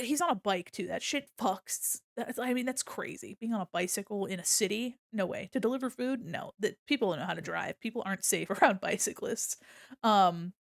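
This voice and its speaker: Medium-pitched and creaky, this woman talks casually to her stream's viewers, telling profane stories and performing the quotes in them with animation. It's clean studio audio with no echo.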